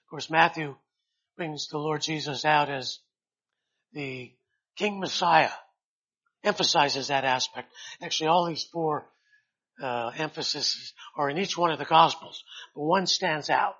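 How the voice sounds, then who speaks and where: A man preaching a sermon, pausing often and rising loud and high on quoted scripture. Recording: dull lo-fi sound.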